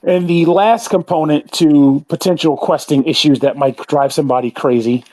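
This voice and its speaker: A man with a slightly high-pitched voice co-hosts a casual podcast chat. He rambles on at length, filling his sentences with fillers and restarts, and is aware of how much he is talking. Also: steady tone, moderate pace, darkish tone. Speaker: podcast co-host.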